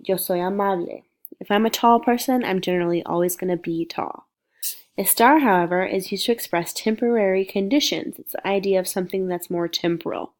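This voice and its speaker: A woman, a Spanish teacher with a cold and sniffles, giving a patient, clearly explained recorded lecture. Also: lowish voice, darkish tone. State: sick with sniffles.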